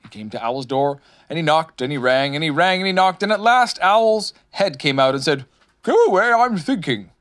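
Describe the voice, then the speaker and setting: A man narrating a children's storybook in a lively, expressive way, voicing many characters. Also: a little high, normal speed, hardly any pauses. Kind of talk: storybook reading.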